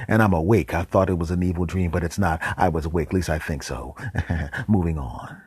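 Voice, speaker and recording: A man hosting a show, telling a comic story in an animated way with whispered deadpan asides. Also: low-pitched, fairly quick, breathy edge, no room sound. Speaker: show host.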